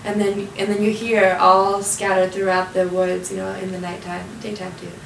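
A young adult woman telling a story in a casual, animated way, full of "like" fillers, acting out the people she quotes. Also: medium pitch, moderate pace, vocal fry, a little hiss or hum. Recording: echoey room, mic at a distance.

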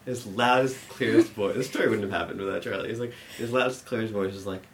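A man's voice: on the low side, quick pace, slight background noise. A young man telling a long funny story, rambling with many restarts and laughing at his own lines. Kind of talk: live storytelling.

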